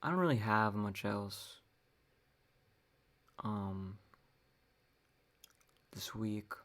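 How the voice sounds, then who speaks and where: With a rumbling low voice, lively intonation, and drawn-out words, a young adult woman goes solo on the podcast she hosts. Her casual monologue is a profane rant punctuated by wry laughter.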